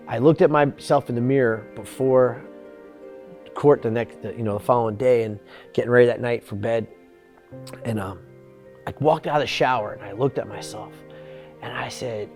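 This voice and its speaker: A man in his forties tells his own hard story in an earnest, halting way, restarting his sentences as he goes. He slips into the voices of people he quotes, and soft music plays underneath. His pitch sits in an ordinary middle range. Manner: acts out what others said. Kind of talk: personal testimony.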